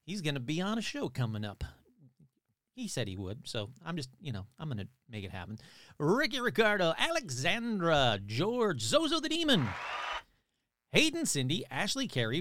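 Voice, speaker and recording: A man hosting a paranormal podcast in a casual, upbeat, rambling way, reading off playful shout-outs. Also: fairly high pitch, dry recording, studio quality. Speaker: podcast host. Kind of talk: casual chat.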